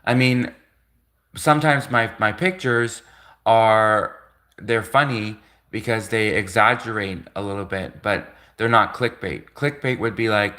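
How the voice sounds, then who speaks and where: Bright-voiced rambling male streamer. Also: lowish voice, measured pace. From Canada. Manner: rambling, full of "like" fillers and restarts. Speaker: livestreamer. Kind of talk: casual rambling livestream chat.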